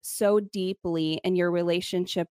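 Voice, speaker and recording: Low-voiced woman interviewer, encouraging. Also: fairly even intonation, unhurried. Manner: encouraging, reacts often with short sounds of surprise. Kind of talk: casual interview.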